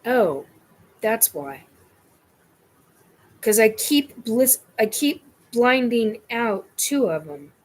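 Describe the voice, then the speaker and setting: A woman's voice: fairly high pitch, very animated, extremely slow, long pauses. A woman hosting her own show, telling a personal experience in a scattered, rambling way. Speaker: host.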